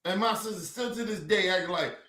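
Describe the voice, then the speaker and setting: Casting note: furious man venting, high bright voice, echoey room, profane and repetitive. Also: a little fast. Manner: heated, profane, repetitive outbursts. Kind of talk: angry personal rant.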